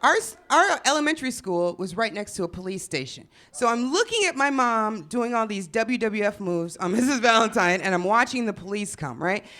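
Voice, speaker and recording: A young woman from Chicago telling a funny story on stage, profane and animated, acting out the people she quotes. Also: mid-range voice, fairly quick, few pauses. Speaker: storyteller comedian. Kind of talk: live comedic storytelling.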